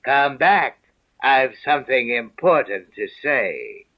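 Languid, stern storybook caterpillar, voiced by a man, very slow and curt, lowish voice, dull lo-fi sound. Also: big pitch swings, exaggerated voice. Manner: drawn-out, curt, sleepy. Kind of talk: audiobook character voice. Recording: dull lo-fi recording.

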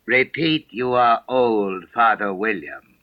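A man doing a sleepy, stern caterpillar. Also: on the low side. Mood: languid stern. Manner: drawn-out, curt, sleepy. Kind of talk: audiobook character voice. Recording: dull lo-fi recording.

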